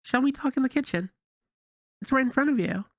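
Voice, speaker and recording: A man voicing a sweet-talking but sinister young woman who speaks softly in a raised, gravelly voice. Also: very high voice, animated, brisk, dry recording, studio quality, voice pushed up, heavily acted. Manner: sugary, soft-spoken, falsely sweet.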